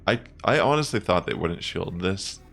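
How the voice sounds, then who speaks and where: A young man casually commenting on his own online game matches, chatty and relaxed, thinking aloud with fillers. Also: low voice, normal speed, vocal fry, soft background music. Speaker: gaming content creator.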